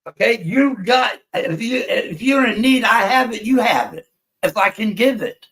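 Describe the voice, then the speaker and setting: On a livestream panel, an angry American man delivers a profane rant full of constant swearing. His voice sits high and a bit bright, animated at a moderate pace, captured in poor audio.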